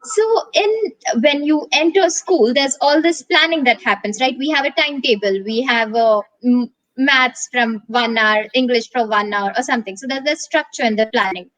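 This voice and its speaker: Woman, host, fairly high pitch, attentive, asks follow-up questions, casual conversation. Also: normal speed, hardly any pauses, a bit bright, rough recording.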